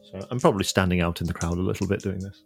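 A man's voice: deep voice, racing, vocal fry, over music. A man taking part as a player in a tabletop role-playing game, speaking hesitantly with many fillers and restarts.

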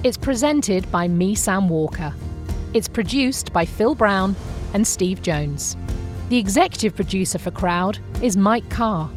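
A woman hosting a podcast, who asks questions and reads the credits in a clear, measured way. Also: mid-range voice, expressive, soft background music. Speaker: podcast host. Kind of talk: interview questions and scripted credits.

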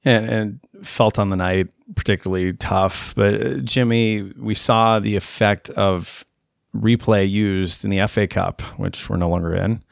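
A man's voice: on the low side, fairly even intonation, unhurried, vocal fry, no room sound, clean studio sound. A man hosting a casual sports podcast, asking the others questions and steering the talk. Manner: moderating, asks questions, brief acknowledgements. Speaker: podcast host.

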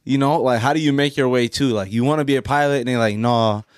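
A man's voice: mid-range voice, quick pace, dry recording, studio quality. A man co-hosting a podcast in casual banter, joking and laughing often as he rants. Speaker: podcast co-host.

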